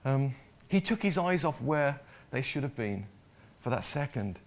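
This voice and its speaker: A man's voice: medium pitch, big pitch swings, unhurried. Man preaching a conversational sermon. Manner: conversational, repeats words, asks the congregation questions.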